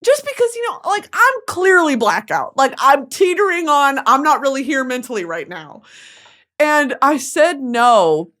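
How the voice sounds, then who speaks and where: A woman's voice: high voice, big pitch swings, a little slow, fairly bright tone. A woman from Texas hosting a podcast, telling a story as a comedic monologue in a profane, self-mocking way. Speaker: podcast host.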